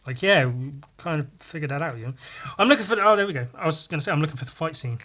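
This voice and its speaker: A young man with squeaky, wheezy breath mutters crudely to himself as he draws. His voice sits a little high, and he talks in a rambling, self-mocking way. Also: lively intonation, rapid-fire, bright, forceful tone. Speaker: podcast host drawing. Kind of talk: rambling solo chat while drawing.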